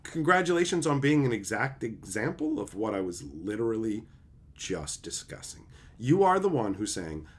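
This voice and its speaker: Husky man in a profane heated rant. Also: lowish voice, very animated, moderate pace. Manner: profane, heated, sarcastic, mocks opponents in put-on voices. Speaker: streamer. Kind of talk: ranting commentary.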